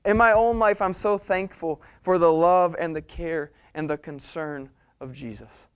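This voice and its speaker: Preacher, male, high and smooth-toned, animated storytelling from the pulpit. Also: measured pace. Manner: animated storytelling preaching, swings between soft and loud. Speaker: pastor. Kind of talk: sermon.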